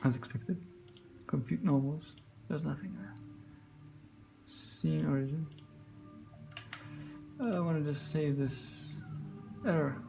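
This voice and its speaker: Gravelly man muttering through a tutorial. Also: fairly high pitch, takes it slowly, long pauses, dark tone, faint music behind. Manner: muttering to himself, frustrated, joking. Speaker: tutorial host. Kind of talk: casual screen-recorded software tutorial.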